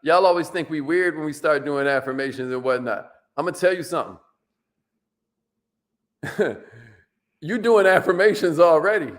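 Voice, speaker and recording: A man giving an energetic, preachy motivational talk in casual slang, his pitch swinging up and down. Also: moderate pace, long pauses. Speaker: motivational speaker.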